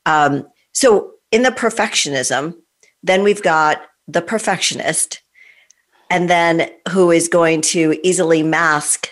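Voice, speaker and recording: A woman's voice: lowish voice, slow pace. Curious woman podcast host. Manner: friendly, curious questioning. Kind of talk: conversational interview.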